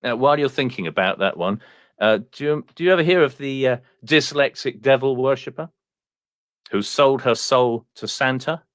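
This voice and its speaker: A man telling a run of one-liner jokes in a deadpan way, slowing for the punchlines, then chatting as a guest on a video call. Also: mid-range voice, no echo, studio quality. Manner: deadpan joke delivery with slow punchlines. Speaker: comedian guest.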